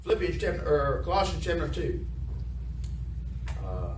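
A man's voice: on the high side, very animated, normal speed. A man preaching a sermon in a folksy way, often asking his congregation questions. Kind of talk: sermon with call and response. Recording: echoey room, mic from far off, noisy.

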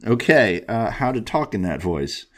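A man hosting a solo podcast, talking casually from his desk in a lowish voice. He rambles, gets in his own way with restarts and fillers, and pokes fun at himself. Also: sing-song, unhurried, a bit bright. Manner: rambling, self-deprecating, lots of ums and restarts. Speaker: podcast host.

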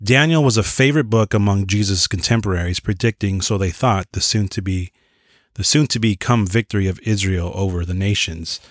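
A man's voice: on the low side, fairly quick, no echo, clean studio sound. A man teaching a Bible lesson, reading from notes in an earnest way, sometimes stumbling and correcting himself, with casual asides.

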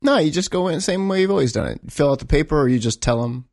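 A man's voice: a little high, expressive, fast talker, creaky, a little mellow, dry recording, clean studio sound. A man co-hosting a podcast, chatting casually and reacting to his friend's story with short replies and laughs. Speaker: podcast co-host. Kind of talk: casual chat.

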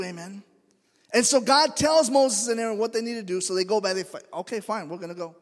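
Preaching man with a high voice in a reverberant church. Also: brisk, a bit bright. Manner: conversational storytelling, acts out quoted voices. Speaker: pastor. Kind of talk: sermon. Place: church sanctuary.

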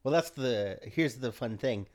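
A man running a tabletop role-playing game on a podcast, dry and deadpan, reading out rules and missions. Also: mid-range voice, measured pace. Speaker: game master.

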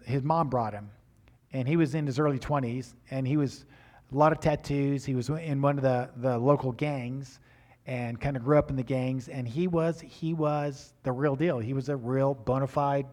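Animated older man telling a sermon story. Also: mid-range voice. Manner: animated storyteller with repeated restarts. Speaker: pastor.

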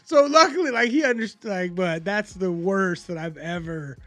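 A man's voice: sits high, normal speed, bright, forceful tone. A man in casual chat, telling a profane story and acting out the voices of the people in it.

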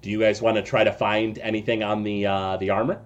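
A man narrating a tabletop game as game master, loose and halting with many fillers. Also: fairly low pitch, flat delivery, dull audio.

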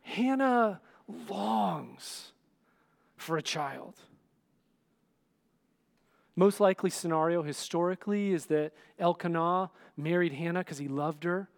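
A man's voice: high voice, slow pace, vocal fry, long pauses. A male pastor giving a conversational sermon, often checking in with the listeners and acting out scenes. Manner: dramatic, acts out scenes.

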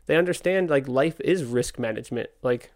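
A man's voice: medium pitch, darkish tone. A young man, a podcast host, telling a story in casual, candid talk, exasperated, and acting out the dialogue. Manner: candid, exasperated, acts out dialogue in quick quotes. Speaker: podcast host, skate park owner.

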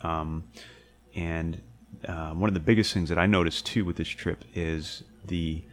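A man's voice: low-pitched, fairly even intonation, unhurried. A young man telling a hiking story in casual chat, rambling and swearing, full of fillers and restarts. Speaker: podcast co-host recounting a hiking trip.

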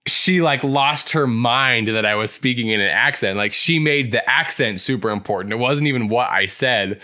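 Man, podcast co-host, casual chat, enthusiastic, bright tone. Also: medium pitch, moderate pace. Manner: enthusiastic, lots of likes and restarts.

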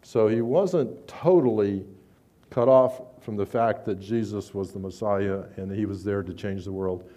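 A man preaching a sermon, conversational with stammered restarts, rising loud when he reads scripture. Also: fairly low pitch, unhurried.

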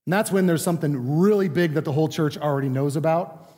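A man's voice: on the high side, fast, dark tone. A man preaching a sermon in a conversational teaching manner, acting out what people say. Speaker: pastor. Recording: long reverb of a large room.

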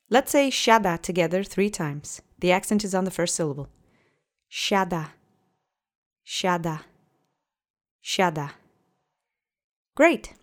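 A woman hosting a language podcast, teaching phrases with patient, clear pronunciation drills. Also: fairly low pitch. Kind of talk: scripted language lesson.

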